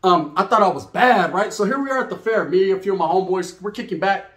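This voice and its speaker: A middle-aged man from California with a Chicano English accent tells a raunchy street story in rapid, high-pitched bursts. He talks straight to his listeners in a steady flow of slang, and the room around him is noticeably echoey. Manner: streetwise slang, acts out other voices, addresses listeners directly. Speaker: storyteller host. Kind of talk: profane comedic storytelling.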